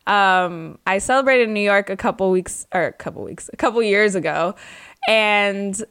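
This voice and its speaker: Smooth-voiced woman co-host. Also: mid-range voice, normal speed, a bit bright. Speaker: podcast co-host. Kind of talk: casual podcast chat.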